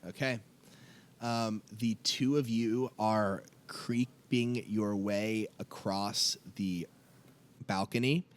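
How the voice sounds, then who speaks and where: A man working as game master, narrating the scene and reading out rules in a quick, matter-of-fact way. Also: fairly low pitch, steady tone, slight background noise.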